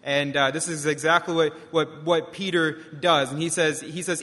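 A young man, a pastor, preaching a sermon in a church, halting often with restarts and fillers. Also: a little high, fairly even intonation, bright, forceful tone, big-room sound. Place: church sanctuary.

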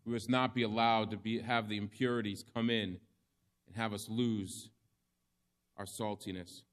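A man preaching a sermon, reading scripture in slow, measured phrases with emphatic pauses. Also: fairly low pitch, fairly even intonation.

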